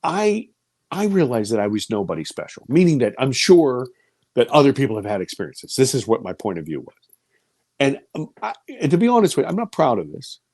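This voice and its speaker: Animated man in his fifties, dry sound. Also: a little fast, no echo. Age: 50s. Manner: animated, voice rising high for quoted speech and dropping low and quiet for fear. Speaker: guest. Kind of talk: storytelling interview.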